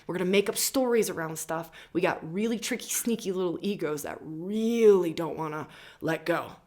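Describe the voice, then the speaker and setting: A woman's voice: on the low side, moderate pace, darkish tone. A woman in her forties giving a casual, fervent spiritual talk on astrology. She swears freely and keeps asking "right?". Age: 40s. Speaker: astrologer and membership host.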